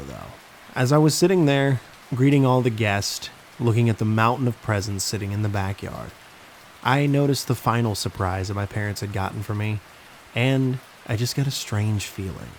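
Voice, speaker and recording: A man hosting and narrating true horror stories in a slow, ominous scripted delivery. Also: fairly low pitch, rough recording. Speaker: horror story narrator and host. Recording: faint hiss with rain sounds.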